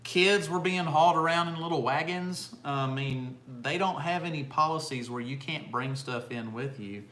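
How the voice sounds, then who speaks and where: A man's voice: a little high, moderate pace, a bit bright. A middle-aged man co-hosting a casual live chat, rambling with restarts and fillers. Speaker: homestead channel co-host. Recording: echoey room, faint ambience.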